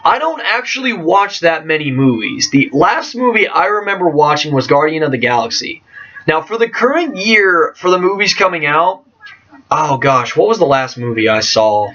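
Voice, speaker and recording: A man answering viewer questions in a casual vlog, excitable and jokey, trailing off and restarting. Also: on the high side, normal speed. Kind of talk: casual chat. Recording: distant, dull lo-fi mic.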